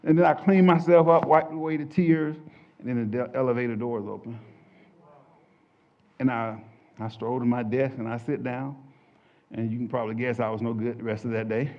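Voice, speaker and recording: An older man giving an emotional spoken testimony, telling his story dramatically as he swings between hushed and loud passages. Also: medium pitch, steady tone, normal speed, long pauses. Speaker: testimony speaker. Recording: dull lo-fi recording.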